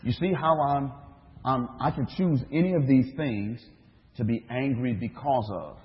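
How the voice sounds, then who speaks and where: A man's voice: mid-range voice, a little slow. A man, a minister, preaching a sermon, telling a story with acted-out dialogue and rhetorical questions. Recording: dull echoey hall recording.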